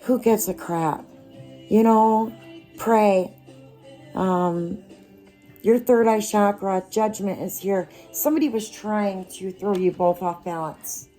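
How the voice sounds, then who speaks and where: Slow, mellow-voiced woman reading tarot. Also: medium pitch, faint music behind. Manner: unhurried, reassuring, speaks straight to the listener. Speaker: tarot reader. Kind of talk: casual tarot card reading.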